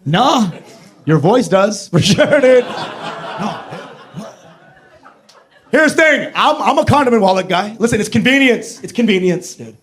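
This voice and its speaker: A man with a high, bouncy voice doing stand-up into a handheld mic. He is brash and profane and slips into silly accents and impressions. His pitch leaps up and down all through the bits. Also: expressive, measured pace, long pauses, fairly bright tone. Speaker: stand-up comedian. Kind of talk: stand-up comedy set. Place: comedy club stage before a live audience.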